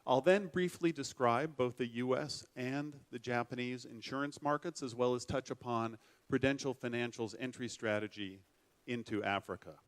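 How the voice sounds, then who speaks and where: A middle-aged man giving a formal, measured keynote speech at a conference. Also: medium pitch. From United States. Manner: measured, formal, self-deprecating. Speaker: keynote speaker.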